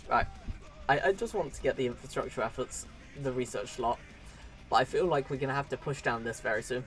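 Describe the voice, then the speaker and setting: A man's voice: medium pitch, a little fast, a bit bright, soft background music. A man giving casual, chatty commentary while live streaming a strategy game, laughing often and talking to his viewers.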